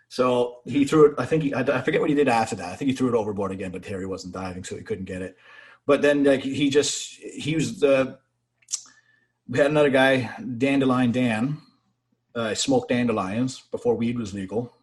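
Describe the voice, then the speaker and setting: A man, a navy sailor guest, telling profane, animated anecdotes in casual conversation. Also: mid-range voice, a little fast. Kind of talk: casual storytelling.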